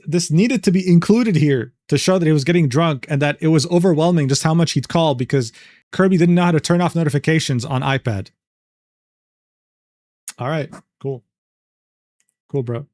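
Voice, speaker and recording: A man with a fairly high voice comments casually on a livestream, disbelieving and slangy. He laughs things off as he reacts. The sound is dry, with no room around it. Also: moderate pace, a little mellow, no room sound. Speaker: streamer reacting to a document.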